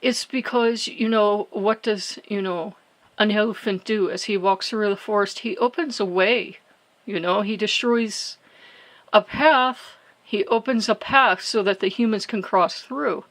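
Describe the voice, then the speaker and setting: A woman hosting her own spiritual channel, retelling a religious story in a halting way, full of fillers and restarts. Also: medium pitch, a bit bright, low-quality recording. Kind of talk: devotional storytelling vlog.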